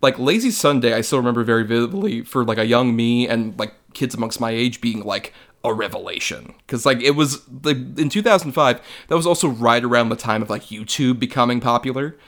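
A man's voice: medium pitch, expressive, brisk, few pauses, a bit bright. A young man co-hosting a film review podcast, chatting casually with lots of filler words and the odd swear. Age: young adult. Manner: rambling, many filler likes, swears casually. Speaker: podcast co-host.

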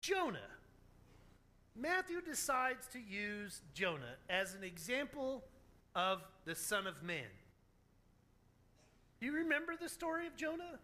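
Pastor guy preaching, jokey and animated, voice jumps all over. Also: very high-pitched. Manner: animated, joking storytelling. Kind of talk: sermon.

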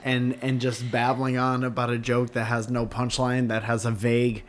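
A man's voice: medium pitch, completely flat delivery, normal speed, a little hiss or hum. A man co-hosting a comedy podcast, rambling and amused by his own bits in casual banter. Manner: rambling, self-amused storyteller.

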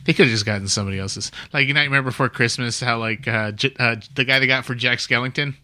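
A man's voice: mid-range voice, quick pace, sharp tone. A man co-hosting a podcast in casual chat, rambling and joking and laughing often. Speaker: podcast co-host.

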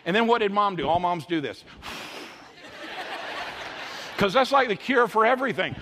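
A man in his fifties preaching a sermon, telling folksy personal stories and jumping into high voices when he quotes people. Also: animated, fast, noisy background. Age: 50s. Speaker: pastor. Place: church auditorium. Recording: reverberant church hall with faint ambience.

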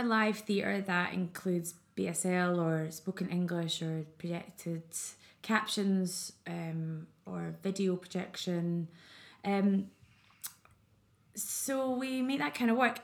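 Woman, theatre director, podcast guest, rambling, casual chat. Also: lowish voice. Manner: self-conscious, rambling, many ums and restarts.

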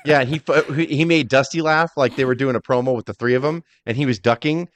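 A man co-hosting a casual podcast, rambling quickly and filling his sentences with "like". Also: medium pitch, steady tone, a little hiss or hum. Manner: rapid, rambling, full of "like". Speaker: podcast co-host. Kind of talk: casual chat.

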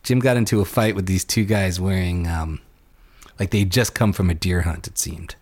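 A man's voice: deep voice, fairly even intonation, normal speed, darkish tone. A man, trading a story in casual podcast chat and dropping to a murmur as he goes. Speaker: podcast co-host.

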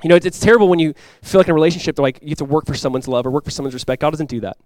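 A young man preaching a sermon as a pastor. He talks in a casual, conversational way with lots of "like," and swings from quiet, earnest lows to loud, excited highs. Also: very fast, dry recording. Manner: casual and conversational, with many "like" fillers.

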